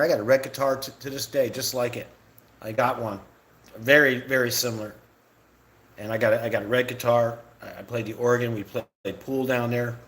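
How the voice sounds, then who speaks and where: A man's voice: medium pitch, fairly bright tone. A middle-aged man on a live stream, ranting with lots of repetition and swearing. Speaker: livestreamer ranting about realtors.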